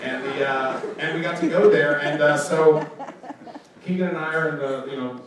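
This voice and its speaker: A man in his thirties telling stories to students in a casual talk, animated and laughing often as he goes. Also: fairly high pitch, normal speed, a crowd in the background. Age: 30s. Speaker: guest speaker. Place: school auditorium. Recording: echoey hall, voice picked up from far off.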